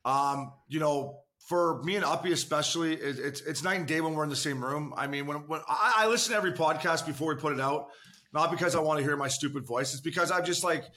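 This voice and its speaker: Bright-voiced man telling swearing hockey stories. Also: on the high side, fast. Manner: swearing storyteller, many restarts, calls listeners boys and fella. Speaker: podcast guest, former pro hockey player. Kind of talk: casual podcast chat.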